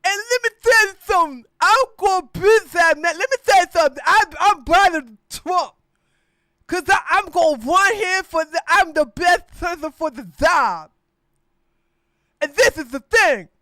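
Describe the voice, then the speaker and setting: A woman's voice: very high-pitched, expressive, no echo, studio quality, pitched above the performer's own voice, exaggerated voice. A woman putting on the voice of a mumbling, stammering middle-aged male politician, speaking with a lisp. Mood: boastful. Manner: loud, halting, repeats words, speaks with a lisp.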